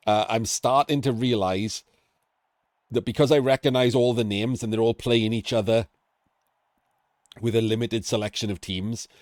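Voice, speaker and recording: A man's voice: on the low side, darkish tone, no room sound, clean studio sound. A middle-aged man in a chatty, rambling game-analysis commentary who often breaks off and restarts his sentences. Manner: rambling, chatty, self-interrupting.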